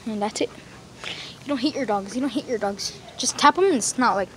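A woman's voice: a little high, expressive, fast talker, poor audio. A woman vlogging casually outdoors into a phone camera, rambling with slang and lots of fillers. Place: outdoors in a yard near a road. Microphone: phone camera held facing self. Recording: outdoor phone recording with traffic noise. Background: street traffic and outdoor ambience.

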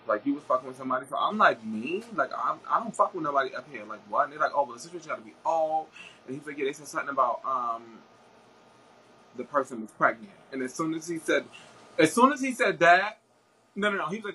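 A man's voice: a little high, pushed and bright, a little hiss or hum, low-quality recording. A man chatting as a guest, telling a story in a rambling way with many fillers and restarts. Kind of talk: casual chat.

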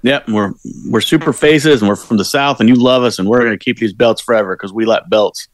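A man's voice: mid-range voice, fairly quick, dry recording, close to an everyday voice. A man doing a mocking impression of a boastful male wrestler cutting a promo. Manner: mocking, exaggerated bragging.

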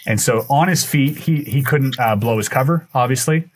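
A man who is a guest on a podcast, telling a story in animated fashion, acting out the dialogue and often restarting his sentences. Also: medium pitch, normal speed. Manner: acts out dialogue with shifting voices, frequent restarts.

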